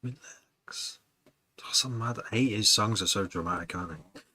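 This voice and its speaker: A music producer with a low-side, bright, forceful voice chats casually and briskly with his livestream viewers, rambling, musing aloud and laughing often. Slight background noise is audible.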